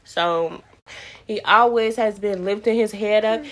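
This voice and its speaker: A woman's voice: mid-range voice, unhurried, fairly bright tone. A young woman vlogger telling a personal story in a chatty, casual way, repeating words and acting out what people said.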